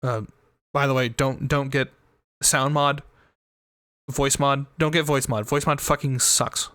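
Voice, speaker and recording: A man's voice: medium pitch, fairly even intonation, measured pace, fairly bright tone, dry recording, clean studio sound. A young man giving joking, rambling gameplay commentary as a streamer, swearing freely. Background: game music.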